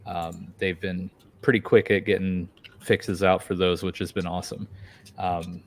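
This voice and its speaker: A man hosting a casual podcast chat, a bit hoarse from losing his voice, talking loosely with many fillers and restarts. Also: low-pitched, flat delivery, moderate pace. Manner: rambling, frequent fillers and restarts. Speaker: podcast host.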